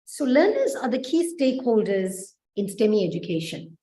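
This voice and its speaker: A woman's voice: medium pitch, sing-song, moderate pace, warm tone, poor audio. A South African woman giving a conference presentation as a provincial coordinator, earnest, asking the audience rhetorical questions.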